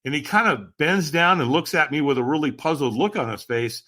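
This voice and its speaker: A man, a podcast guest, telling a personal story in a lively, dramatic way and often addressing the host. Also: a little high, brisk. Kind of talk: animated storytelling.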